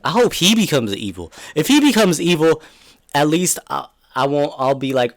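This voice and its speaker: A man's voice: a little high, very animated, moderate pace. A man hosting a solo podcast, ranting in a profane, rambling, exasperated way, trailing off and restarting mid-sentence. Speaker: podcast host.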